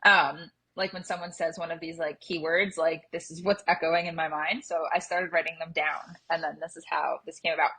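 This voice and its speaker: A young woman co-hosting a casual podcast, animated and laughing often as she tells stories and runs a game. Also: deep voice, brisk, hardly any pauses, a little hiss or hum, rough recording. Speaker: podcast co-host running a game.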